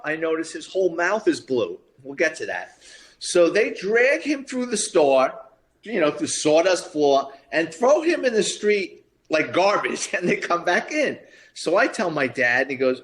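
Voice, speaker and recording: A retired police officer in his fifties tells anecdotes as a podcast guest, speaking at a moderate pace in a slightly high voice. He is a lively storyteller who acts out the voices of the people in his stories and chuckles as he talks.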